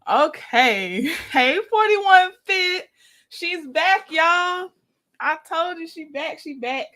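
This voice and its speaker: A woman's voice: very high voice, lively intonation, slow pace, sharp tone. Chatty woman hosting a livestream. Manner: chatty, laughs often, greets viewers by name. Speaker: livestream host. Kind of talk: casual livestream commentary.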